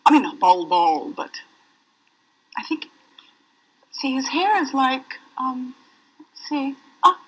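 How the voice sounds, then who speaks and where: A fussy, wealthy hotel guest stammers and trails off. Her voice is high and breathy. She speaks slowly, hunting for her words. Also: sing-song, full character voice, low-quality recording. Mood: flustered. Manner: flustered, halting, trailing off. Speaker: hotel guest in a language course video.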